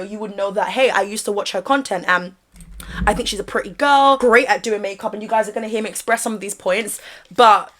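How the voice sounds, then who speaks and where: A woman's voice: medium pitch, a bit bright. A British woman chatting sassily in a get-ready-with-me commentary from her bedroom, laughing often and using slang. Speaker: commentary YouTuber.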